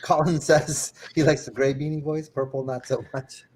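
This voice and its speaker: A man's voice: a little high, flat delivery, moderate pace, a little mellow, husky. A man hosting a stream, chatting casually and joking with his co-hosts. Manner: joking, laughing, trailing off. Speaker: stream host. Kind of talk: casual chat.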